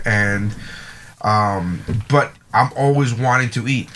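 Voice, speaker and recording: A man's voice: fairly low pitch, takes it slowly, fairly bright tone, a little hiss or hum. A man chatting casually as a podcast co-host, telling a story with emphatic repetition and swearing. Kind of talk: casual chat.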